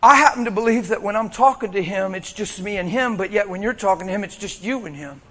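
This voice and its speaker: A man preaching in a high, bright voice. He tells his story with animated energy and breaks into shouts and laughter. His tone is sharp and forceful. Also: quick pace. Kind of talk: sermon.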